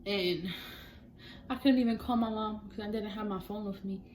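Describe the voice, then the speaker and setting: A woman's voice: medium pitch, normal speed, darkish tone, a little hiss or hum, poor audio. A young woman telling a chatty storytime vlog, acting out her family members' voices as she goes. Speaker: vlogger.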